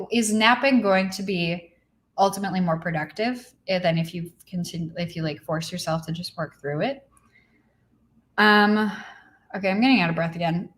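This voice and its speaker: A young woman talks casually into her computer mic from her apartment, hosting a livestream. She is chatty and reads viewer comments aloud. Her energy is low and she sounds a little tired. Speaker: livestream host.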